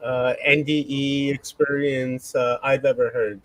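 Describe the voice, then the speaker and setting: A male host responding to his guest, speaking hesitantly and filling pauses with "uh". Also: mid-range voice, flat delivery, no echo, rough recording. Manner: slow and hesitant, with many fillers. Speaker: interview host. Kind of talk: interview reaction.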